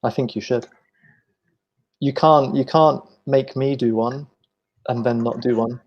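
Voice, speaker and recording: A man's voice: mid-range voice, steady tone, a little slow, lo-fi sound. A man co-hosting an online English lesson, chatting in a playful, self-deprecating way. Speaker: English teacher co-host. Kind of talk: casual teaching chat.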